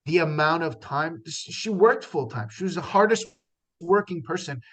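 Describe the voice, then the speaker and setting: A man's voice: on the high side, animated, moderate pace, a bit bright. A man, a stand-up comedian, talking earnestly in a casual conversation, with frequent restarts and fillers.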